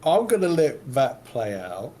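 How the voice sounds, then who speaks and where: A man's voice: mid-range voice, very animated, unhurried, warm tone, slight background noise. A man playing a tabletop role-playing game, eagerly describing his attacks with chuckles. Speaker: player.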